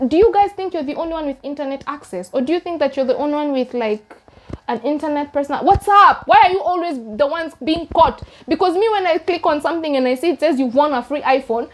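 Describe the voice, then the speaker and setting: High-voiced Kenyan woman, sarcastic and incredulous. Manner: sarcastic, incredulous, fires off rhetorical questions. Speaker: true crime vlogger. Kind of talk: casual commentary on a crime case.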